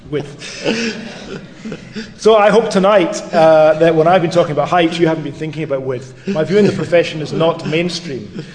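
A middle-aged man giving a public lecture as a brisk storyteller with lively asides. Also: on the high side. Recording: reverberant lecture hall.

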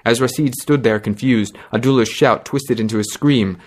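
A man narrating a fantasy story in a measured, dramatic reading. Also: mid-range voice.

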